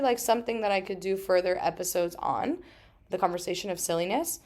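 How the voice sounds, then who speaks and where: A woman in her thirties hosting a solo podcast, talking emphatically with frequent swearing and quick asides. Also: mid-range voice, darkish tone. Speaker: podcast host.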